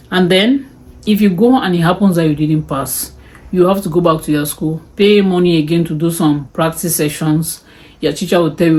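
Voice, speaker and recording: A woman's voice: sits low, darkish tone. A woman vlogger talking casually to camera, chatty and exclaiming as she walks through what she spent. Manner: chatty, exclaims and sighs over the costs. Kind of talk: casual cost breakdown talk to camera.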